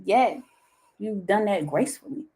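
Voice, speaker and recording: A woman's voice: medium pitch, lively intonation, normal speed, dark tone. A woman hosting a podcast interview, affirming her guest and talking to viewers in casual chat. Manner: affirming, fillers and restarts. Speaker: podcast host.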